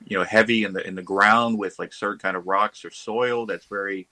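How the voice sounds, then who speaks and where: A man, a podcast guest, telling a ghost story in a casual, animated way. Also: lowish voice, fairly quick, dry recording, rough recording. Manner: animated, acts out quoted voices.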